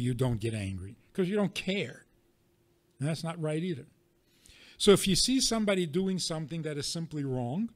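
A man with a voice on the high side, a rabbi, gives a teaching talk to an audience. He leans on rhetorical questions and wry examples from everyday life.

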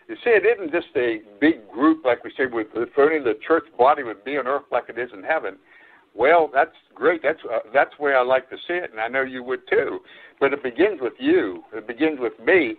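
A man preaches a sermon in an easygoing, conversational manner, circling back over his own phrases and calling out to his listeners as folks. His voice sits at an ordinary middle pitch. The sound is thin and narrow, like a voice coming down a telephone line. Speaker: pastor. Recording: phone-like narrow-band stream audio.

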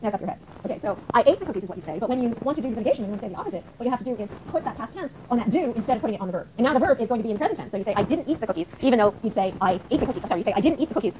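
A woman giving a university lecture, explaining quickly with lots of "um" and "uh". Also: on the high side, background noise. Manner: fast, animated explaining with frequent fillers. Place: lecture hall.

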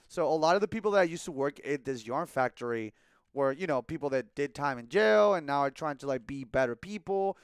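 A man's voice: fairly high pitch, expressive, a little fast, clear, resonant tone, no echo. A young man streaming a game and rambling through a casual story, with lots of likes and restarts.

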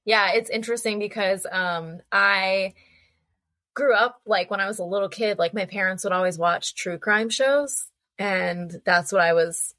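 A young woman guest on a podcast, telling animated, chatty anecdotes and acting out voices as she goes. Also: mid-range voice, a little slow, no echo. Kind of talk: casual storytelling conversation.

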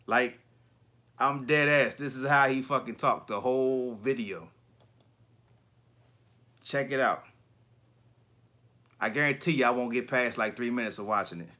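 A man's voice: medium pitch, measured pace, pauses often. Slangy, profane man hosting a chat. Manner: profane, slangy, animated storytelling. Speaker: YouTube collector channel host. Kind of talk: casual livestream chat.

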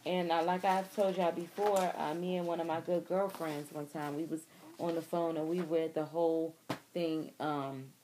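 A woman's voice: deep voice, flat delivery, normal speed, mellow, a little hiss or hum. A young woman, talking candidly and emotionally to her viewers in a personal video diary, recorded outdoors. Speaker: vlogger.

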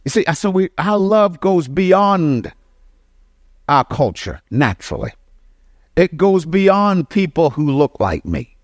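Emphatic preaching man, dry sound. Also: dry recording. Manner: emphatic preaching, swings from low murmurs to raised exclamations; asks the congregation questions again and again. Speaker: pastor. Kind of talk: sermon.

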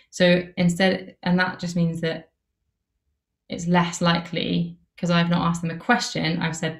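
A woman's voice: lowish voice, monotone, moderate pace. Chatty woman teaching, echoey room. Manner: casual, chatty, many "like" and "um" fillers. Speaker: workshop instructor. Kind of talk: teaching a masterclass with slides.

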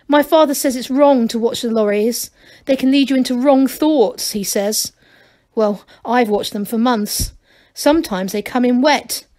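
A woman's voice: fairly high pitch, measured pace, mellow, natural voice. A woman reading aloud as an earnest young male gnome, with an eager, pleading manner.

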